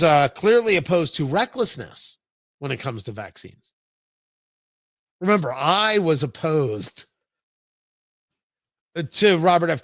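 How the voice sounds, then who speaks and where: High, bright-voiced talk host. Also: male voice, no echo, clean studio sound. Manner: emphatic, sarcastic, digressive. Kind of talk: opinionated political commentary.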